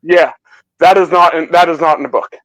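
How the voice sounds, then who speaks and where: A man with a high voice co-hosts a casual film podcast. He talks excitedly, stumbling over and repeating words as he goes. His voice is recorded dry and close. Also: brisk, no echo, rough recording. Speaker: co-host.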